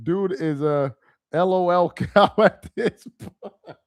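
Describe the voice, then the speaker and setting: A man's voice: high voice, takes it slowly, no echo, clean studio sound. A young man hosting a casual livestream, reading chat aloud with slangy, incredulous banter and frequent laughter.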